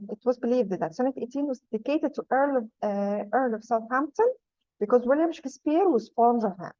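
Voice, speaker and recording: A woman's voice: a little high, dark tone, no room sound. A woman teaching a poetry lesson, patiently explaining terms and repeating key points. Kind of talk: classroom lesson. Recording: dull lo-fi sound.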